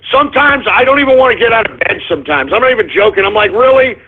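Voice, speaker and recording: A hoarse, husky man hosts a call-in radio show, his voice pitched high as he rants in exasperation and breaks into shouts. The audio is tinny and phone-like, like a thin lo-fi line. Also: lively intonation, fast. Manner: exasperated ranting with shouted outbursts and sighs; curses, then apologizes for cursing. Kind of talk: ranting call-in radio monologue.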